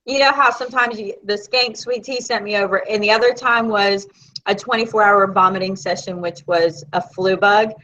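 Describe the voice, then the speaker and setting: A woman's voice: medium pitch, normal speed, slight background noise. Chatty Southern woman, lo-fi sound. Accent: Southern American. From Florida. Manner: chatty and animated storyteller. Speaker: co-host of a live video chat. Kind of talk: casual chat. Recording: dull lo-fi sound.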